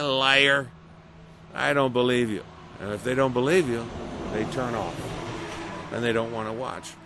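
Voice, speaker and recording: A middle-aged man giving a casual interview as a voice actor, animated and storytelling, acting out quoted reactions. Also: on the low side, creaky. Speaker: voice actor guest. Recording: noisy background.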